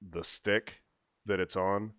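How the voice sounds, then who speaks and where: A man hosting a podcast, explaining tech news to his co-hosts in a relaxed, casual way. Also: low-pitched, slow, dry recording, studio quality. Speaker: podcast host. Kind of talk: casual chat.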